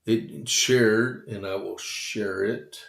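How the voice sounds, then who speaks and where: A man with a lowish voice runs a casual morning news livestream and chats straight to his viewers. He talks slowly and loosely with plenty of fillers, his tone staying flat, and the room around him rings with echo. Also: creaky. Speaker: host. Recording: echoey room.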